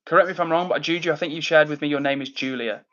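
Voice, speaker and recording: Man, fairly high voice, friendly livestream chatter, muffled lo-fi audio. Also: steady tone, rapid-fire. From England, near Manchester. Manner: friendly, upbeat, lots of fillers and shout-outs. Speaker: livestream host reading chat. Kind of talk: casual live chat. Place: indoors at home.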